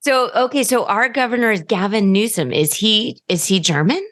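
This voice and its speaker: A woman's voice: mid-range voice, moderate pace, a bit bright. A woman from the United States hosting a podcast over a video call, chatting casually and joking at her own expense. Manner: chatty, self-deprecating, laughs often. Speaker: podcast host. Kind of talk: casual interview chat.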